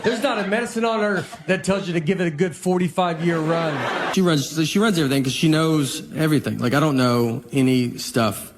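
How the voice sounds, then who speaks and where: A man in his forties doing stand-up comedy in a slow, deadpan storytelling way. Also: a little high. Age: 40s. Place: live stage with audience laughing. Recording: live show with crowd laughter and noise.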